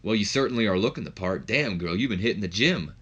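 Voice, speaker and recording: Guy doing a cocky buddy wrestler, laid back, low. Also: animated, fast, fairly bright tone, slightly rough, dull audio. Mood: friendly. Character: friendly cocky male wrestler.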